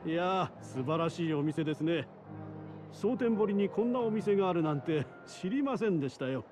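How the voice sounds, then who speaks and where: An actor voicing a cheerful male customer in a game, brisk and polite, heard as game audio under music. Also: a little high, animated, lightly acted. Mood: polite praise. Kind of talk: game character dialogue in Japanese.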